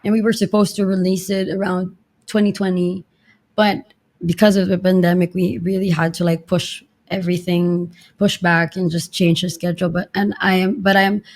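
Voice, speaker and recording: A young woman singer from the Philippines, talking bubbly and warmly in a podcast interview over the internet, laughing often. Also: fairly low pitch, little pitch movement. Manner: bubbly, laughs often, rushes through thanks. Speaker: singer guest.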